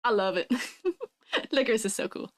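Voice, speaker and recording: A vtuber streamer in her twenties chats casually on a live stream, bubbly and giggly as she reads and answers chat. Her voice is on the high side, at a normal speed.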